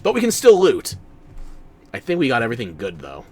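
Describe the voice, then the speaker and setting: Wry, lively-voiced male streamer. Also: medium pitch, brisk, soft background music. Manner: wry, sarcastic, talks back to chat. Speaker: streamer playing a game. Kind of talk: casual gameplay commentary.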